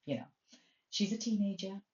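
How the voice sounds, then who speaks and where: A woman's voice: medium pitch, normal speed, darkish tone. Lady coach chatting away about her day, acts out her own thoughts, roomy dull recording. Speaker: life coach and therapist. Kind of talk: casual personal storytelling. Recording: roomy, distant, dull sound.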